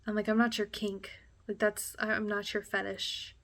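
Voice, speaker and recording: A young woman talks straight to camera, telling a painful story from her own life with raw candor, filler words and frequent swearing. Her pitch stays mid-range and oddly flat even as the story grows heavy, and at its hardest points her voice sinks to a hushed near-whisper. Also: normal speed. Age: young adult. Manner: candid and emotional, heavy on "like" and swearing; drops to a hushed near-whisper at intense moments. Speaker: vlogger.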